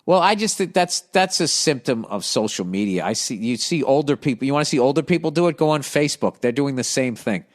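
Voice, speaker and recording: A man in a mid-range voice hosts his podcast with a blunt, foul-mouthed, sardonic rant. He thinks out loud and circles back mid-sentence as he goes. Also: medium pitch, animated, fairly quick, hardly any pauses. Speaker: podcast host. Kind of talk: casual comedic rant.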